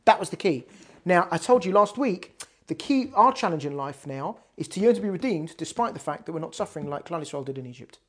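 A woman's voice: fairly low pitch, animated, fairly quick. A woman giving a weekly Torah class on prayer, talking emphatically with frequent restarts. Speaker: Torah teacher.

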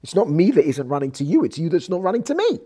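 A man with a croaky voice teaching a scripture class, swinging from low explanation to loud exhortation. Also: very animated, quick pace. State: hoarse, croaky voice. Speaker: Torah teacher. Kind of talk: lecturing on scripture.

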